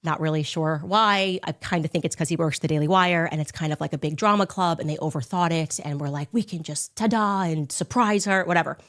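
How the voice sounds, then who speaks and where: A woman in her thirties hosting a podcast, telling a story in a sarcastic, animated way. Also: low-pitched, quick pace, hardly any pauses. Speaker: podcast host. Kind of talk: storytelling monologue.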